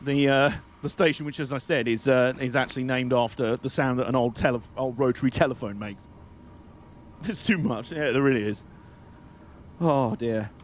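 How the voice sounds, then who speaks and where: A man giving excitable, jokey, mock-outraged live commentary while streaming a game. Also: mid-range voice, moderate pace, a little hiss or hum.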